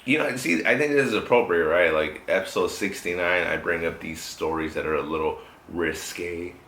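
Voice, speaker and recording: A man's voice: low voice, normal speed, pushed and bright. A man hosting a podcast, telling a rambling story with lots of swearing in casual chat. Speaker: podcast host. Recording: echoey room, faint noise.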